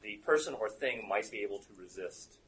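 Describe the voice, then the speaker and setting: Guy running a tabletop game, bright voice that bounces around a lot, bit of hiss behind. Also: lowish voice, expressive, brisk, low-quality recording. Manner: explanatory, laughs often. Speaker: game master.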